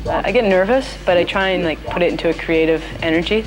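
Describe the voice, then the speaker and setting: A woman's voice: fairly low pitch, fast, few pauses, over loud music, a loud crowd, poor audio. A woman in her thirties from Nova Scotia, chatting casually and self-deprecatingly about her comedy habits. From Canada, Nova Scotia. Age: 30s. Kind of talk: casual interview.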